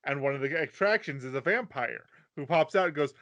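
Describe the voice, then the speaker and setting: A man's voice: fairly high pitch, animated, a little fast, a bit bright, dull audio. A man on a casual podcast explaining anime plot points and adding details to his co-host's recap. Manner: explanatory, adds details and corrections to his co-host. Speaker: podcast co-host.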